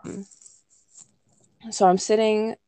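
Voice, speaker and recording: A woman's voice: mid-range voice, level tone, slow, warm tone, slight background noise. A young woman casually telling a personal story in a chatty way, full of fillers, now and then acting out what people said. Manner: chatty, many "like" and "um" fillers, acts out quoted lines. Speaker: podcast co-host telling her birth story.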